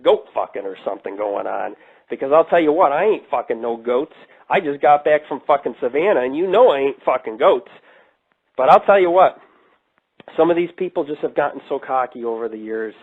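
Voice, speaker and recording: A man from New York, a paranormal investigator hosting a radio show, ranting brashly and swearing in a casual monologue. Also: on the high side. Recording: tinny phone-like radio line.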